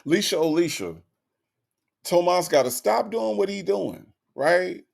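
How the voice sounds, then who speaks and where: A man's voice: sits high, a little slow, gravelly. A man giving comic reaction commentary, teasing and talking straight to his viewers. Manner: animated, teasing, addresses viewers.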